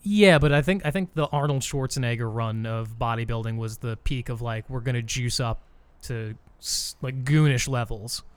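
A man's voice: medium pitch, moderate pace, clean tone, no room sound. A man chatting casually and rambling, swearing now and then. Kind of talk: casual podcast chat.

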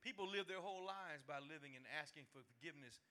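A man's voice: a little high, quick pace. A man preaching a midweek sermon as pastor, telling funny stories with acted-out voices and laughter in a folksy, colloquial way. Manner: animated storytelling with laughter and acted-out quotes.

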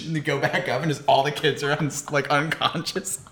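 A man's voice: a little high, flat delivery, a little fast. A young man co-hosting a podcast, joking and laughing along in casual chat with casual swearing. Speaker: podcast co-host. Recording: roomy room with faint noise.

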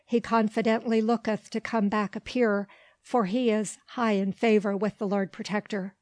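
A talkative old man, as a woman reader puts him on, rambling from one piece of gossip to the next at an unhurried pace. The storybook voice sounds close and dry. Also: mid-range voice, little pitch movement, a little mellow, no room sound, close to an everyday voice. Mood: gossipy.

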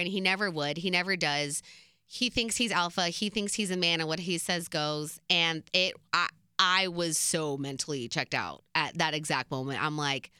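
Candid young woman, bright crisp voice. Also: lowish voice, normal speed, no echo, studio quality. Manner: candid, emotional, frequent "like" fillers. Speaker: vlogger. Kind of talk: storytime monologue.

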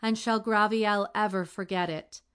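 A woman's voice: medium pitch, fairly even intonation, moderate pace, a bit bright, clear, resonant tone, natural voice. A woman voicing a grateful, proud young man weak from an injury in a storybook reading. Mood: urgent.

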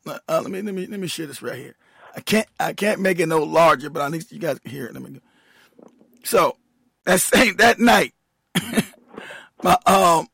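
A man's voice: sits high, fairly bright tone, no room sound. A man hosting a profane livestream rant, heated and laughing often, who trails off as he fiddles with his computer. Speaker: show host, military veteran.

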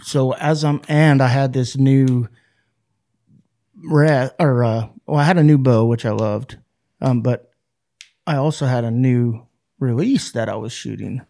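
A man co-hosting a casual hunting chat, telling stories in an animated, self-deprecating way. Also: mid-range voice, a little slow, gravelly, pauses often.

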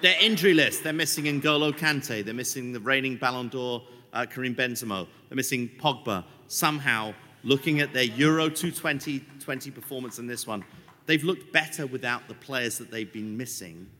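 Brief: lively male co-host, sharp bright tone, jokey banter, echoey room. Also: medium pitch, moderate pace. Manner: animated, jokey, laughs often. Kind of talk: casual chat. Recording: long reverb, faint noise.

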